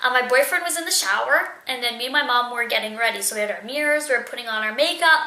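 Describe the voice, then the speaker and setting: Chatty young woman with a bright voice. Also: a little high, quick pace. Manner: chatty, lots of fillers. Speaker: vlogger. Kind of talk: casual storytelling. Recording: echoey room.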